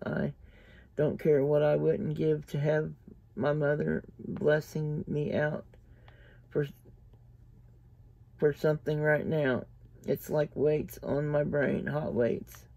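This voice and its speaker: A man's voice: fairly high pitch, vocal fry, warm tone, no room sound, exaggerated voice. A man reading an audiobook aloud, voicing a frightened, homesick young country man in a mumbling, lifeless way.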